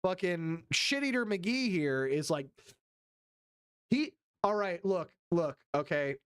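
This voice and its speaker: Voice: medium pitch, lively intonation, takes it slowly, smooth. A streamer giving crude, profane, mocking play-by-play commentary on a live stream while scrubbing through a video and reading chat. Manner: frequent silly put-on quote voices. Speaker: livestream host.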